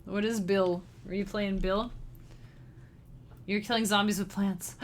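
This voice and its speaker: Talking slowly with frequent pauses, a woman uses a mid-range voice full of big pitch swings, with a little hiss or hum in the audio. As a livestreamer and chiptune musician, she giggles and bubbles through casual chat aimed right at her viewers.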